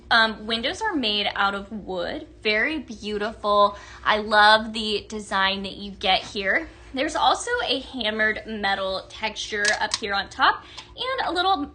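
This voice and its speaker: Bright, gushing woman hosting a live sale. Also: fairly high pitch. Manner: chatty, gushing, greets viewers by name. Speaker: live sales host. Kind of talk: live-stream product demo.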